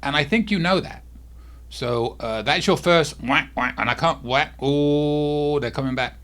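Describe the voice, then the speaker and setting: A man with a slightly high voice gives cruise tips to camera from home. He keeps it soft because his face hurts to move, and he keeps breaking off to deal with a cat that will not settle. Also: unhurried. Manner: talks softly, easily distracted by a restless cat. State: sore face, sore to talk. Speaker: cruise vlog host. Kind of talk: casual to-camera vlog.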